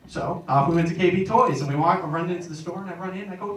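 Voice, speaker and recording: A man's voice: high-pitched, racing, few pauses. A young man doing a stand-up routine, telling stories in a rambling, self-mocking way, in an echoey room with a distant mic and background noise. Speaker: stand-up comedian.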